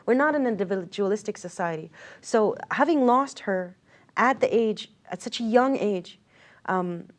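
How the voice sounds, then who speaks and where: A woman's voice: mid-range voice, expressive, normal speed. A woman from Israel, an interview guest, telling a personal story earnestly and reflectively, with many fillers and restarts.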